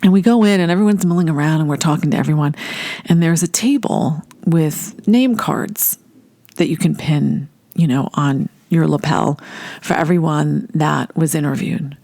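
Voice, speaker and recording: A woman casually telling a personal story, animated and acting out the voices of people she quotes. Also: low-pitched, moderate pace, vocal fry, no room sound. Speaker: storyteller recounting a personal memory.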